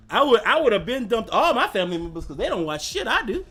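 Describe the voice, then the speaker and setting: A man's voice: high-pitched, bright, forceful tone, breathy edge. A man hosting a casual livestream chat, talking in a slangy, rambling way and laughing often. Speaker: host.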